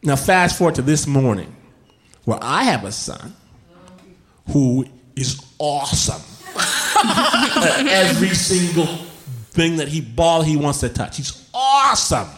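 Man on a live stage, high for a man, slow, lively pitch swings, audible background noise. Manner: animated, laughing storyteller, shouts quoted lines. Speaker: guest. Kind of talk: live podcast storytelling. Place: live stage before an audience. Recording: live show with audience noise.

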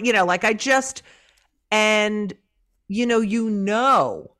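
Middle-aged lady comic swearing her way thru a story, lively, chatty podcast guest. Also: mid-range voice, takes it slowly. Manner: animated, profane storytelling. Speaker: comedian guest. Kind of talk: casual podcast interview.

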